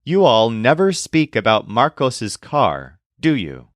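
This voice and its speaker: Lively, clear male language teacher. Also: medium pitch, dry recording, studio quality. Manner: slow, deliberate explanations with spelled-out words. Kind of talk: scripted lesson narration.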